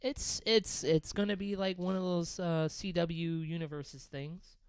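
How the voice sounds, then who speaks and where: Podcast co-host, male, higher register, smooth clear tone, dry close sound, loose and profane. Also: steady tone, a little slow, no room sound. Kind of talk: casual chat.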